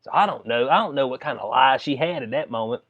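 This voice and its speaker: A man's voice: mid-range voice, lively intonation, quick pace, lo-fi sound. A man, casually reading out a news story and joking about it in a loose commentary vlog. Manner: reads news aloud, then jokes and riffs with frequent laughs. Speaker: commentary vlogger.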